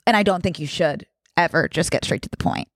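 A young woman from Pennsylvania co-hosting a podcast in casual chat, teasing and quick to laugh. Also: fairly low pitch, no room sound, studio quality. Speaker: podcast co-host.

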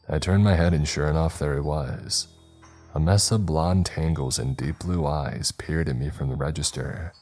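A man steadily narrating a first-person horror story in a measured, scripted style. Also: rumbling low, a little mellow, soft background music.

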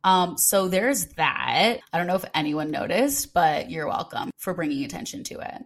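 A woman's voice: fairly low pitch, moderate pace, hardly any pauses. A woman in her twenties hosting a podcast, talking casually and chatty with lots of filler words. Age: 20s. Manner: chatty, frequent "like" fillers, upbeat. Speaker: podcast host. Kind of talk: casual solo podcast chat.

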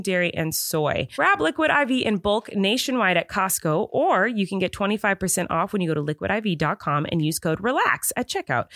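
A woman's voice: medium pitch, fairly bright tone, no echo, studio quality. A woman in her thirties co-hosting a podcast, reading an ad in a playful, giggly, joking way. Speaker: podcast co-host. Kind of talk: casual ad read.

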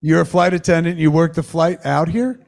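An excitable man hosts a live podcast from a cinema stage, talking in a fairly high voice with a gravelly, creaky edge. He swears often and works the crowd with quick questions. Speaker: podcast host. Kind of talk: live podcast chat with an audience.

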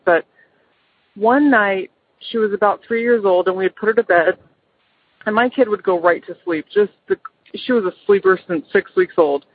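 A woman's voice: medium pitch, breathy edge, no echo. A middle-aged mother calling in to tell a personal ghost story, hesitant, with many ums and restarts. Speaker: caller. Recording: phone line.

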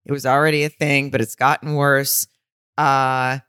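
Low-voiced woman podcast co-host. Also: little pitch movement, moderate pace, fairly bright tone, smooth, no echo, studio quality. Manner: profane, joking. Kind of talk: casual chat.

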